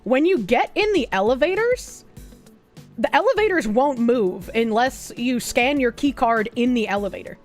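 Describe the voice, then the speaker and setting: A woman streams to her chat in a loose, rambling way, swearing freely and reading messages aloud. Her voice sits fairly high, and it jumps higher still when she laughs. Faint music plays under her talk. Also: lively intonation, moderate pace. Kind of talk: casual live-stream chat.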